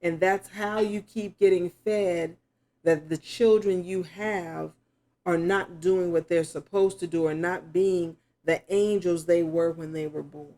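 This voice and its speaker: Middle-aged female tarot reader, very slow delivery, warm dark tone, reflective and musing. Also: on the low side, steady tone. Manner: slow, reflective, musing aloud with sudden exclamations. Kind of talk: spoken tarot reading to camera.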